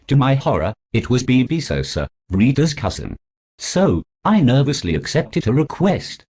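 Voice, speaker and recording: Man reading a story in a low, husky voice. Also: a little mellow. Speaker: narrator. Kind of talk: first-person storybook reading.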